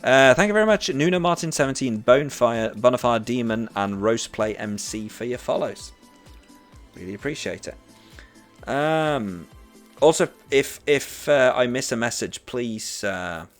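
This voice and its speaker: A Norwegian man speaks English with a British accent he learned growing up. His voice sits on the low side as he chats casually, stopping and restarting often, with faint music in the background. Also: animated, unhurried. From Norway. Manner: hesitant, many fillers and restarts. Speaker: streamer, teacher. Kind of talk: casual chat while gaming.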